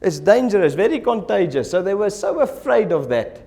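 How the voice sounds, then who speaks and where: Man, pastor, sermon in a church, animated delivery, acts out voices, fairly high voice. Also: moderate pace.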